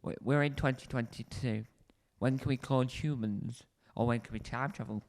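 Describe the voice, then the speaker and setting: A man's voice: medium pitch, fairly even intonation, moderate pace, a little mellow. A man hosting a casual solo review, rambling and correcting himself often, seated at a desk mic. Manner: rambling, self-correcting, chatty. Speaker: show reviewer, video host. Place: indoors, seated on a squeaky spinny chair. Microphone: desk mic close to the face.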